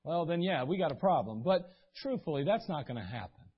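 A man's voice: a little high, very animated, a little fast, breathy edge, dull audio. A man preaching a sermon as pastor, telling stories in a folksy way and acting out the voices of people he quotes. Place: church sanctuary.

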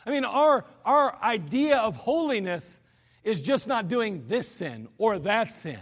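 A very animated, high-voiced pastor keeps a measured pace through an earnest, conversational sermon with touches of humor. This archived church service was captured in the sanctuary with long hall reverb.

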